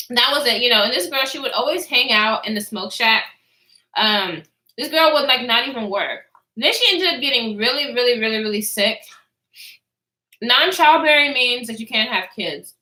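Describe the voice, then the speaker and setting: A woman's voice: on the high side, animated, measured pace, pauses often, pushed and bright. A woman in her twenties telling a casual story to her live chat, blunt and profane, chatting back to the viewers as she goes. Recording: echoey room.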